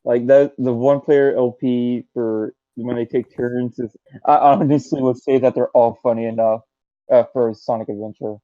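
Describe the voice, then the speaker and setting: A man's voice: medium pitch, fairly even intonation, normal speed, mellow, no room sound. A young man chatting on a group podcast, hesitant and full of fillers. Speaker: podcast co-host. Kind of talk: casual group chat. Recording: muffled lo-fi mic.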